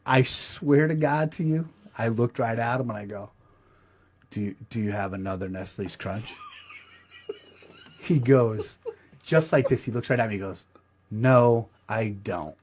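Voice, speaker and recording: A man's voice: medium pitch, measured pace, long pauses, slight background noise. A middle-aged man telling a crude, self-mocking comedic story as the show's host.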